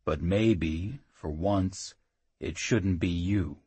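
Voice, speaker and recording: A man voicing a gruff, weary male half-orc rider who talks in a low growl, reading an audiobook. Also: extremely slow, dark tone, no echo, exaggerated voice.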